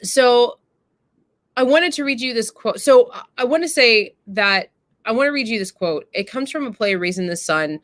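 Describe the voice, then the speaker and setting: A woman's voice: on the high side, lively intonation, moderate pace, a bit bright, no room sound, studio quality. A woman hosting a live stream, talking earnestly and casually and addressing her viewers directly. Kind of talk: casual reflective talk to viewers.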